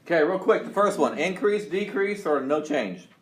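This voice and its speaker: A man's voice: on the high side, animated, moderate pace. A man teaching a college chemistry class, upbeat and quizzing his students, with frequent restarts. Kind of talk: classroom lecture. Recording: roomy classroom sound, faint noise.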